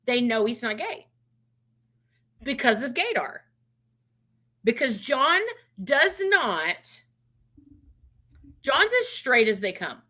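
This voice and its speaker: A middle-aged woman co-hosting a podcast, telling stories in a relaxed, unhurried way with frequent restarts. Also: a little high. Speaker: podcast co-host. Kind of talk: casual chat.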